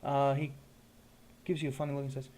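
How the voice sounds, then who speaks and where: A male game master narrates a tabletop role-play scene in a mid-pitched voice. His delivery is relaxed and improvised, and he pauses to search for his words. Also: slight background noise.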